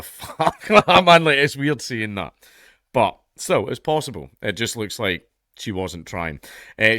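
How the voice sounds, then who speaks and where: A man's voice: fairly low pitch, a bit bright, no echo, studio quality. A man with a toned-down Scottish accent, reading out a news story and commenting on it in a blunt, sweary, mocking way. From Scotland. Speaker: YouTube commentator.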